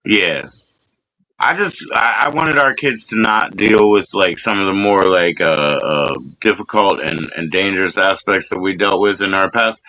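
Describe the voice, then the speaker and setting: A man's voice: low-pitched, moderate pace, sharp tone, a little hiss or hum, low-quality recording. A middle-aged man hosting a casual streamed chat, rambling with restarts, laughing and acting out what people said. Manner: rambling, laughing, acts out quotes. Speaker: podcast host. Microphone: streaming call mic.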